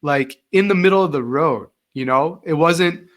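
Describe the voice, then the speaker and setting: A man's voice: on the high side, normal speed. A middle-aged man, a former teacher, telling stories as an interview guest and acting out the voices he quotes. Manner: animated, acts out quoted voices. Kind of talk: casual interview storytelling.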